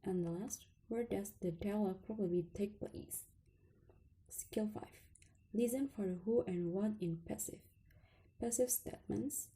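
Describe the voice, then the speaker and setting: A woman presenting an English test lesson, slowly listing rules and example phrases. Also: medium pitch, mellow, rough recording. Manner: slow listing reading, some words whispered. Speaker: student presenter. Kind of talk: reading lesson slides.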